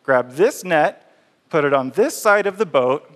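A man preaching voices a calm, assured adult male teacher with an easygoing, understated manner. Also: on the high side, a little slow. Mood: gentle. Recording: reverberant hall.

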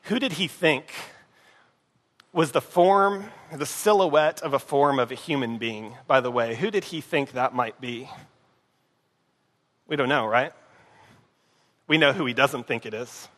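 A man preaching a sermon in a conversational way, often dropping to a hushed voice and asking the congregation if they are following. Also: mid-range voice, unhurried, long pauses. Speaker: pastor. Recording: long hall reverb.

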